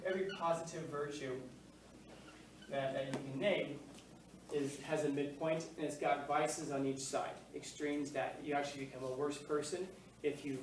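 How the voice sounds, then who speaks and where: A male teacher giving a casual, joking classroom lecture, full of fillers and questions to the class. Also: on the high side. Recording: echoey classroom, mic far off, faint noise.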